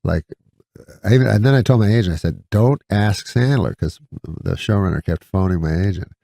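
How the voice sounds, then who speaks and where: Deep, gravelly deadpan storyteller man. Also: fairly quick, no room sound, clean studio sound. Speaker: guest comedian. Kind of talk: casual anecdote in an interview.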